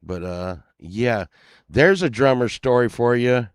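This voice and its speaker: A man's voice: mid-range voice, animated, measured pace, clear, resonant tone, no room sound. A man rambling through a crude story to his live chat from his home studio, full of fillers and restarts. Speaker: streamer telling stories to chat.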